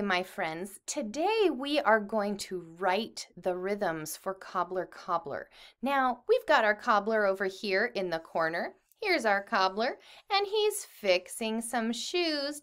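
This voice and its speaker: A woman music teacher leading a children's lesson, speaking slowly and encouragingly to the kids. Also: medium pitch, a bit bright. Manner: slow, encouraging, addresses children.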